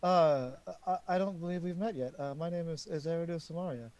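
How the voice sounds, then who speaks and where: A man voicing a polite, soft-spoken male stranger in a tabletop game, speaking quietly and mildly. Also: fairly high pitch, fairly quick, close to an everyday voice.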